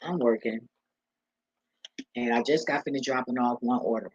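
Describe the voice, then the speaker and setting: A man's voice: mid-range voice, moderate pace, highs cut off, background noise. A man talking casually in a vlog, rambling and profane as he tells stories and laughs along the way. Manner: loose, profane, laughing storyteller. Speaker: vlogger and delivery driver.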